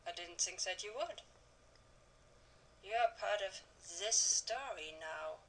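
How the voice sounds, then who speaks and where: An ominous old German storyteller. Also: female voice, medium pitch, expressive, takes it slowly, fairly bright tone, low-quality recording. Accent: put-on German. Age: older. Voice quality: theatrical, mysterious, lingering. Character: old female storyteller, ominous and food-loving. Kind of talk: video game character acting.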